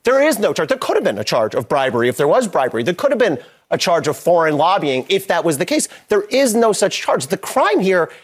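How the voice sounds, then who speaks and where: Guest pundit calmly breaking down an indictment, lively pitch moves but careful and measured. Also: slightly rough. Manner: calm, cautious, repeats "we'll see". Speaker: guest political commentator. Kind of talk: measured analysis.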